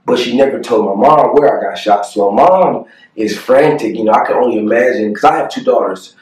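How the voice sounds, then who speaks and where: A young man telling a painful personal story to the camera, earnest and halting, with many fillers and pauses. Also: mid-range voice, a little mellow, recorded from a distance. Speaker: family vlogger. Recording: echoey room, voice a bit off-mic.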